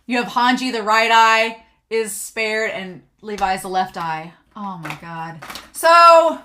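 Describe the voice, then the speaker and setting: A woman giving a casual recap and commentary on an anime episode, excitable and thinking aloud, often checking in with "right?". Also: mid-range voice, slow pace.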